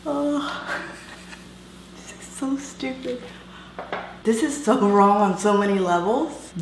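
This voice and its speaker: A woman speaks in a slow, exasperated way while reviewing a gadget. Her voice carries a roomy echo, with a faint clatter of dishes behind her. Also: fairly high pitch, expressive, a little hiss or hum. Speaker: product reviewer.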